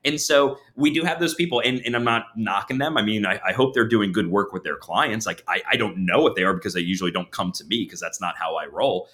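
Talking fast with few pauses, a middle-aged man with a fairly low voice shares frank stories as a podcast guest in a relaxed chat. He's a counselor supervisor, and his animated storytelling is full of restarts.

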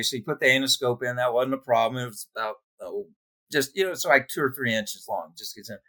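A man's voice: mid-range voice, fairly quick. A man who works as a nurse, telling funny work stories in casual chat and laughing along. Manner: laughing, animated anecdotes. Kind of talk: casual storytelling.

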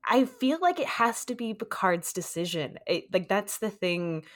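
A woman's voice: mid-range voice, animated, a little slow. A woman guest on a podcast, chatting casually and enthusiastically, laughing and acting out quotes. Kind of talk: casual chat.

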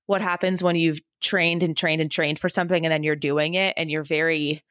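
Young woman podcast co-host, lower voice, animated candid storyteller, dry recording. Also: brisk, no room sound. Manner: candid, animated storyteller who laughs often. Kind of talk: casual chat.

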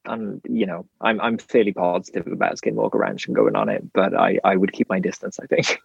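Man co-host, very deep voice, gravelly, husky, dull lo-fi sound, dry, laid-back and wry. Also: fairly quick, no echo. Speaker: podcast co-host. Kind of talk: casual podcast chat.

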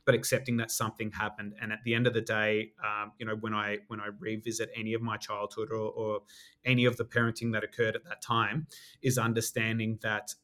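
A man with a lowish voice speaks in a fairly flat, even tone as a podcast guest. He reflects on his experiences in a measured way, often leaning on "you know". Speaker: podcast guest, life coach. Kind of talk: reflective interview talk.

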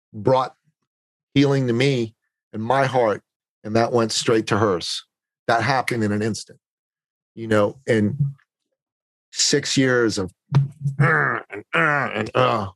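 A man's voice: medium pitch, takes it slowly, long pauses, fairly bright tone, dry recording. A middle-aged man, a podcast guest, telling a personal story in an earnest, confessional way, often repeating words as he gathers his thoughts.

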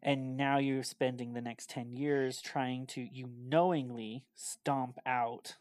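A man co-hosts a casual podcast, his voice sitting in a middle register. He rambles through animated retellings and peppers them with "like". The sound is dry, with almost no room echo. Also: mid-range voice, slow pace. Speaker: podcast co-host.

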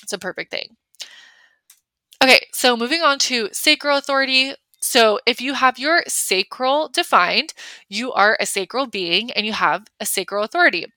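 A woman's voice: fairly high pitch, expressive, moderate pace, pushed and bright, no room sound. A young woman hosting a podcast, talking casually and chattily with lots of fillers. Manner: chatty, many fillers, acts out her own reactions. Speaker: podcast host. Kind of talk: casual solo talk.

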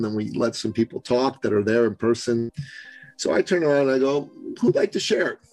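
Gravelly-voiced man telling a story. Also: medium pitch, poor audio. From Canada. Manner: animated storyteller, acts out quoted voices. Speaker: business coach guest. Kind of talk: storytelling interview.

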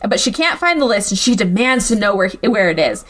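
A woman's voice: medium pitch, a little fast. A young woman hosting a casual comedic podcast, recapping a bad movie with sarcasm and plenty of swearing. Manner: animated, sarcastic, swears freely, acts out characters.

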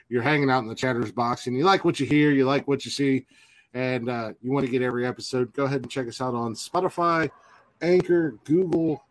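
Profane rambling male podcast host. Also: mid-range voice. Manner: profane, rambling, laughs often. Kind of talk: casual podcast chat.

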